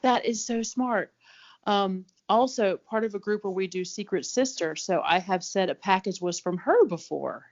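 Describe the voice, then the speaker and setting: A woman's voice: mid-range voice, moderate pace, muffled recording. A woman co-hosting a podcast in casual chat, gushing enthusiastically over listener stories. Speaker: podcast co-host.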